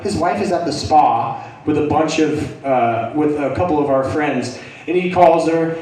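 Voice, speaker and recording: A man's voice: a little high, normal speed. A young man doing stand-up comedy, telling a profane story and acting out the people in it. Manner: profane, animated, acts out characters. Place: comedy club stage. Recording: echoey room from a distance, faint noise.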